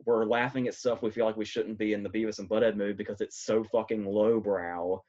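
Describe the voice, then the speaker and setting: A man co-hosting a podcast in casual chat, laughing often and talking in an animated, rambling way. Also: lowish voice, fairly quick, lo-fi sound. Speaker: podcast co-host. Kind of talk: casual chat about films.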